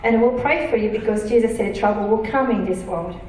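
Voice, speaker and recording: A woman pastor preaching a sermon, earnest and emphatic, reading scripture slowly. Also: medium pitch, darkish tone. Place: church auditorium. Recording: echoey church hall from a distance.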